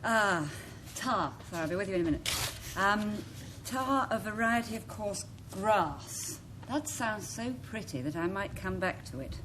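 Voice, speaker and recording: A woman's voice: medium pitch, lively intonation, a little slow, hardly any pauses, noisy background. A woman on a panel game musing playfully over which definition to believe.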